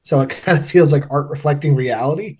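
A man's voice: on the high side, fairly quick, mellow, slightly rough, highs cut off. A man co-hosting a movie podcast, making wry, critical remarks with occasional swearing. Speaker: podcast co-host. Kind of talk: casual movie commentary chat.

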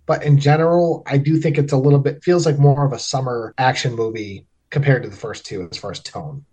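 A man's voice: mid-range voice, brisk, warm tone, husky. A man co-hosting a movie podcast, making wry, critical remarks with occasional swearing. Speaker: podcast co-host. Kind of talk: casual movie commentary chat.

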